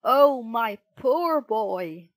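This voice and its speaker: Old woodcarver, fatherly and fussy, slow and deliberate, read by a woman. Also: a little high, lively intonation, no echo, studio quality.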